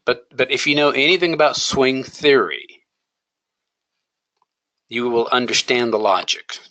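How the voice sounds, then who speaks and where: A man's voice: mid-range voice, measured pace, sharp tone, low-quality recording. A man teaching a day trading lesson, coaching emphatically and asking rhetorical questions. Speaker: trading educator. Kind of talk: screen-share trading lesson.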